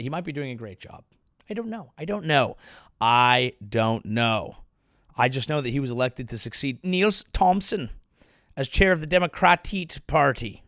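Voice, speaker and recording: A man's voice: a little high, fairly bright tone, no room sound, studio quality. A man in his thirties, a comedian hosting his show, rambling through a profane, self-deprecating monologue. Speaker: comedian host.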